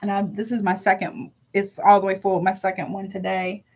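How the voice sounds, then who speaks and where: A woman's voice: medium pitch, flat delivery, brisk. Casual slangy woman tarot reader. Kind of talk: live tarot reading chat. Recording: slightly dull lo-fi audio.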